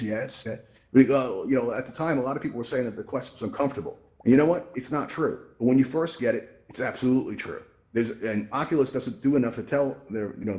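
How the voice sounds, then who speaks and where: A man hosting a virtual reality event, telling stories in a casual, animated way and often checking in with "right?", on a VR headset mic. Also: medium pitch. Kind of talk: casual live presentation with storytelling.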